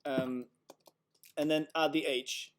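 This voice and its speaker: A man's voice: on the high side, fairly even intonation, slow pace. Man tutoring pronunciation over a video call. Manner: patient, explains step by step, demonstrates sounds. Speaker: language tutor. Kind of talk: online tutoring session.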